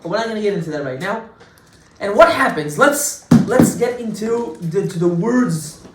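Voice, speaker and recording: A man's voice: normal speed, far from the mic, noisy background. Man teaching Torah in an echoey room. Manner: animated storytelling, big swings of pitch and loudness; talks to class, asides to listeners. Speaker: rabbi teaching a Torah class. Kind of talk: informal Torah lesson.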